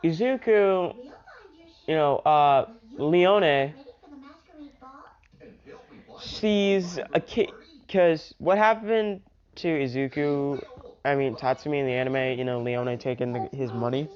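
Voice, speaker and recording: A woman's voice: extremely low pitch, takes it slowly, pauses often, a little mellow. A woman casually retelling a fan story, rambling with lots of filler asides. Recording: dull lo-fi home recording.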